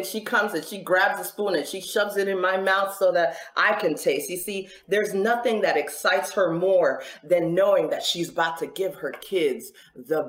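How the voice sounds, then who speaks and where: A woman preaching a sermon in an animated, conversational way, her pitch and loudness rising and falling. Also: reverberant.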